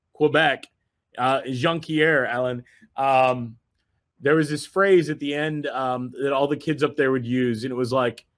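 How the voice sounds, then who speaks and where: A man's voice: on the high side, fairly bright tone. A man hosting a group video call, giving a rambling, enthusiastic motivational talk full of fillers and repeated phrases.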